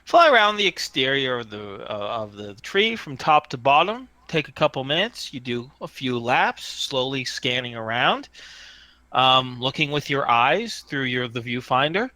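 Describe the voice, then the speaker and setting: A man running a tabletop role-playing game as game master, talking in an animated, chatty way. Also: mid-range voice, a little slow, dry recording.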